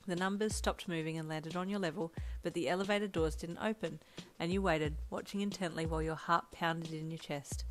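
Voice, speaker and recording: A woman narrates a romance story in the second person, speaking softly and quietly. Her voice sits a little low, with an even, gentle pace. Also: brisk, soft background music. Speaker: fanfiction reader.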